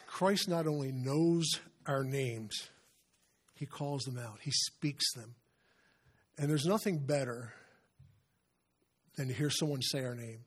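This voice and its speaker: A husky-voiced man preaching an earnest sermon at a middle pitch. He often clears his throat, then slows down and goes soft to drive a point home. His voice has a slightly rough, breathy edge throughout. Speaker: visiting preacher.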